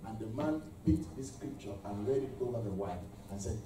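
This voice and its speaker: A man's voice: medium pitch, expressive, fairly quick, background noise. A man preaching a sermon to a congregation, leading call-and-response and calling out praise between points. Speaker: pastor. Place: church hall with congregation. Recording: echoey hall, mic far off.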